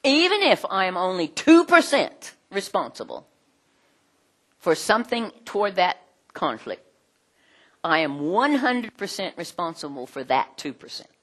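A middle-aged woman teaching a group in a conversational way, animated, with many fillers. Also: fairly low pitch, a little slow. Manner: animated, acts out quoted voices, frequent fillers.

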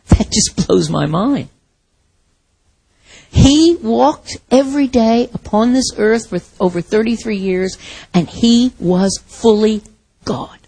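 A woman's voice: fairly high pitch, expressive, slow, gravelly, long pauses, dark tone, breathy edge, rough recording. A woman preaching a sermon in a reflective, conversational way, asking the congregation rhetorical questions.

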